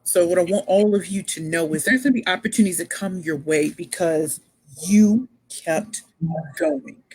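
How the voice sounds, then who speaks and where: A woman pitch coach telling her story as a motivational speaker, emphatic and repeating phrases for effect. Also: expressive, moderate pace, a little mellow, slightly rough, poor audio.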